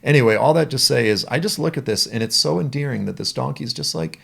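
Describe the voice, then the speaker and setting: A man's voice: medium pitch, expressive, fast, vocal fry, a bit bright, slightly rough. A man teaching the Bible in a conversational, storytelling way.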